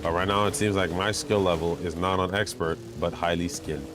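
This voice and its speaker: A man giving chatty, self-mocking commentary while playing a racing game, getting excited when he pulls ahead. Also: low-pitched, fairly quick, over music. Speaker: gamer commentating his play. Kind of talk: casual gameplay commentary. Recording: game engine noise behind voice. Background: racing game car sounds.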